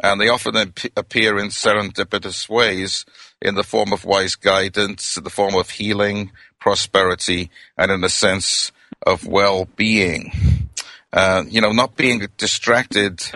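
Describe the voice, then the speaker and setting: Low-voiced Welsh minister preaching. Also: male voice, steady tone, a little slow, dry recording. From Wales. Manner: gentle, reflective, addresses listeners as friends. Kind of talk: sermon.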